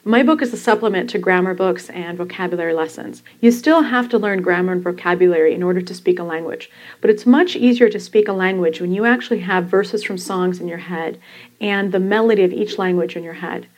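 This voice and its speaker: A woman and podcast host reading from her own book, explaining language learning in a calm, instructive way. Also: on the low side, fairly quick, rough recording. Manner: calm, instructive, demonstrating pronunciation.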